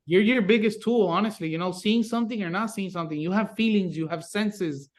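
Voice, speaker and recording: A man's voice: sits high, a little fast. A man from South Florida, a paranormal investigator guest, telling stories in casual podcast chat, swearing freely and acting out reactions. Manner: animated storyteller, swears freely, acts out reactions.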